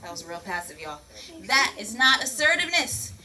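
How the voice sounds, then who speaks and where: A woman teaching children outdoors in a lively, playful way, calling the kids "my people" and "y'all.". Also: on the high side, moderate pace, distant mic, low-quality recording. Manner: energetic, playful, calls the crowd "my people" and "y'all". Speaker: peace educator teaching children.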